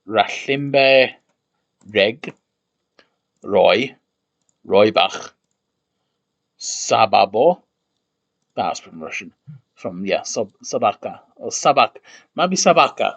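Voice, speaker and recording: A man on a casual livestream, musing aloud and slowly sounding out invented words, often correcting himself as he goes. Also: lowish voice, fairly bright tone. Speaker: streamer building a constructed language.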